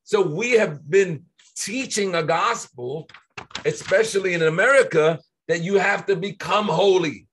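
A man in casual Bible-study conversation, reading scripture slowly and pressing his points with earnest repetition. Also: high-pitched, a bit bright, husky. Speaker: co-host of a faith discussion.

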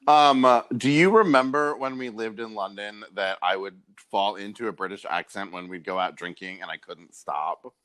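A man co-hosting a casual chat who tells animated stories and laughs often. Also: fairly low pitch, moderate pace, few pauses. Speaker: podcast co-host. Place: lives in Los Angeles.

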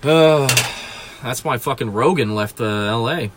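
A man's voice: mid-range voice, measured pace, background noise. A man hosting a solo podcast from a small closet, ranting profanely and with exasperation. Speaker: podcast host.

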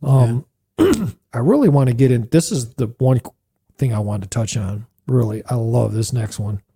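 A middle-aged man hosting a church podcast discussion, animated and playful, firing off rhetorical questions. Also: mid-range voice, normal speed, breathy edge. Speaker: host.

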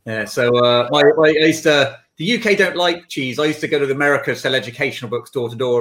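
A man's voice: mid-range voice, quick pace, hardly any pauses, a bit bright. A man hosting a casual video call, joking and stumbling over restarts. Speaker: host.

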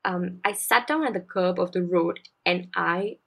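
A woman's voice: on the low side, a little slow, creaky, a bit bright. A young woman in her twenties with a Singaporean English accent, telling a personal story as a podcast host in a chatty, confiding way.

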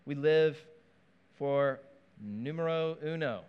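A man preaching a sermon in a conversational, animated way, with asides and playful touches. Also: fairly high pitch, slow pace, clear, resonant tone, highs cut off. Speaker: pastor.

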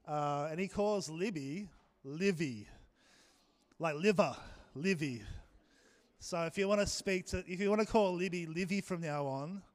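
A man's voice: high-pitched, normal speed, hardly any pauses, long reverb tail. A man, preaching a sermon and joking with the congregation. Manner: jokey, chatty with the congregation. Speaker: pastor. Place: church hall.

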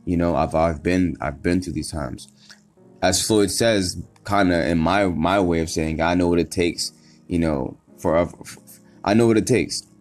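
A man's voice: deep voice, unhurried, soft background music. A man hosting a solo motivational podcast, talking emphatically, swearing a lot and repeating himself as he pushes through. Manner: emphatic, repetitive and profane, with many restarts. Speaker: podcast host.

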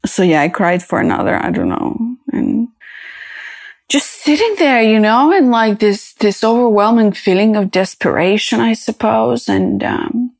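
Slow, fry-edged woman musing aloud. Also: fairly high pitch, expressive, darkish tone, dry recording. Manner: halting and reflective, many fillers and restarts. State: emotional, close to tears. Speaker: podcast host. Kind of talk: personal podcast monologue.

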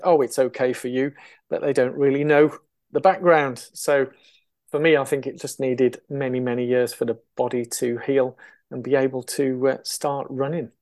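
A man in his sixties from England, guest in an interview, telling his story in a chatty way with frequent fillers, restarts and laughs. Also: mid-range voice. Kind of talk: casual interview chat.

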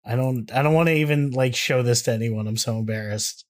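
A man's voice: medium pitch, brisk. A man co-hosting a podcast in casual chat, rambling with restarts and laughing easily. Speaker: podcast co-host.

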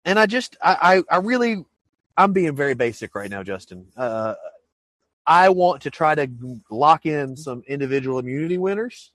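A man's voice: on the high side, very animated, normal speed, a bit bright, no echo. Joking, rambling podcast co-host man. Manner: joking, rambling, repeats words at starts. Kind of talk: casual chat.

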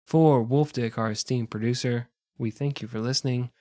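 A man's voice: mid-range voice, steady tone, normal speed, warm tone, no room sound, studio quality. An American man co-hosting a podcast, joking crudely and playfully as he wraps up the episode. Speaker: podcast co-host. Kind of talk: casual podcast outro banter.

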